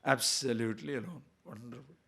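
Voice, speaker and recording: A man's voice: medium pitch, steady tone, fairly quick, fairly bright tone, breathy edge. A man giving a discourse on scripture as a spiritual teacher, emphatic and full of rhetorical questions, sometimes chanting verses in Sanskrit.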